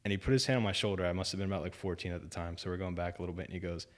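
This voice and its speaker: A young man telling a story on a podcast in casual chat, animated, acting out other people's lines. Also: deep voice, racing. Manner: animated storyteller, acts out quoted voices, lots of "like" and "man". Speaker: podcast guest.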